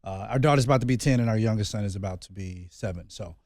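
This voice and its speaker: A man's voice: on the low side, fast, a little mellow, no room sound, studio quality. A man in his thirties co-hosting a casual podcast, talking in a loose, rambling way with many fillers and restarts. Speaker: podcast co-host. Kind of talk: casual chat.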